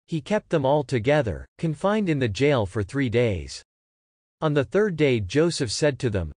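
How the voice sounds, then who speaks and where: A man reading a Bible text aloud in a measured, clear scripted narration for a church lesson. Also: medium pitch, big pitch swings, a little mellow, no echo, studio quality. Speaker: scripture reader.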